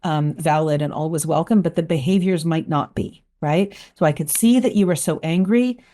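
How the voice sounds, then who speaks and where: Calm, warm-voiced woman counsellor. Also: sits low, moderate pace. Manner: calm, explanatory, frequent "right?" and "um". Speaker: clinical counsellor. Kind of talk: parenting advice talk.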